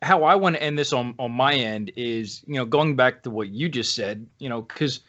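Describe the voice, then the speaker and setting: Relaxed male podcast host, lo-fi. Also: mid-range voice, normal speed. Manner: conversational, full of "you know" fillers. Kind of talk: casual podcast chat.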